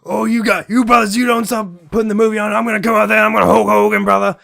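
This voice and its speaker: A man putting on an over-the-top wrestler impression, shouting with gravelly hype. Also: high voice, little pitch movement, rapid-fire, no room sound, studio quality, pitched above the performer's own voice, heavily acted. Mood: hyped, shouting. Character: an adult man's over-the-top wrestler promo voice.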